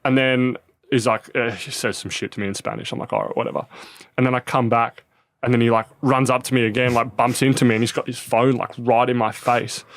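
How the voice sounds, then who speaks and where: Brief: Australian man, 20s, animated storyteller, swears a lot, mid pitch, dry close sound. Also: a little fast, no echo. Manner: animated, swears freely, acts out quotes. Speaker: podcast guest. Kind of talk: casual storytelling chat.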